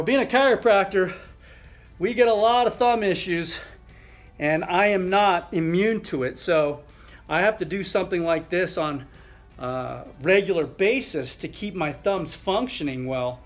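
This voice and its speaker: A middle-aged man with a fairly high voice walks viewers through a thumb exercise as a chiropractor. He talks loosely, with fillers, as he demonstrates each movement. Faint music plays underneath.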